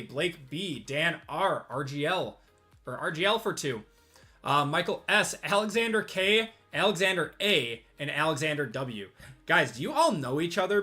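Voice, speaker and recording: A man hosting a live stream from his desk, chatty and upbeat with quick laughs. His voice sits a bit high and sounds bright and forceful, though slightly strained. Faint music plays behind him. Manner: upbeat, chatty, reads out buyer names, laughs easily. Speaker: host of a live sports card group break. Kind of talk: casual live-stream chat.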